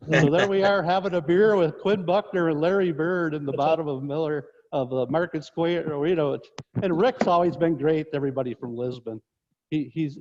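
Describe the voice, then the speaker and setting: A man's voice: a little high, darkish tone. A man, a former basketball coach from northern New York, telling rambling anecdotes on a sports talk show. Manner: rambling anecdotes with restarts, chuckling. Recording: dull lo-fi audio in a reverberant space.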